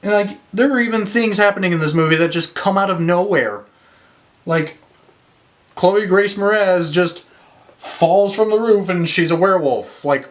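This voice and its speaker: A man's voice: high-pitched, moderate pace. A young man reviewing films in a casual rant, exasperated, swearing and using lots of fillers. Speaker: movie reviewer.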